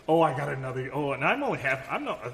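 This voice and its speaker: A man's voice: on the high side, sing-song, quick pace, creaky, a bit bright. A man co-hosting a podcast in casual chat, telling rambling stories and swearing freely. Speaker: podcast co-host. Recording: long reverb, faint room noise.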